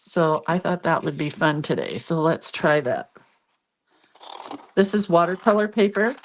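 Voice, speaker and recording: A congested, sniffly woman hosts a casual crafting demo, chatting as she works and laughing at her own expense. Her voice sits low with lively intonation and a slightly slow pace, and there's a little background noise.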